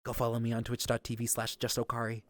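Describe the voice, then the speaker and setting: A streamer reading a bedtime story aloud in an animated storyteller voice with big swoops. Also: male voice, medium pitch, quick pace, dry recording.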